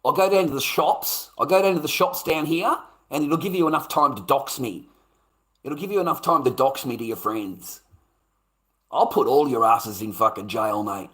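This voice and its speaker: A man's voice: mid-range voice, moderate pace, a bit bright. A man delivers a heated livestream rant, confrontational and full of swearing. He repeats his phrases for emphasis and slips into heavy sarcasm, speaking in a mid-range male voice. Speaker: channel host.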